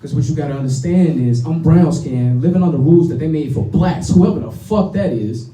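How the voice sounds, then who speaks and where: A man's voice: fairly high pitch, fairly quick, mellow. A young man with a Chicago accent performing spoken word poetry at a microphone, rhythmic, intense and blunt. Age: young adult. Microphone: stage microphone. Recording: roomy sound from a distant mic.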